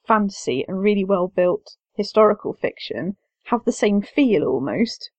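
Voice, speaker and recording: A woman's voice: medium pitch, expressive, moderate pace, no room sound. A woman co-hosting a book podcast, wry and joking as she gives her opinions. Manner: wry, joking, laughs easily. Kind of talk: casual podcast chat. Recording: dry, slightly dull lo-fi recording.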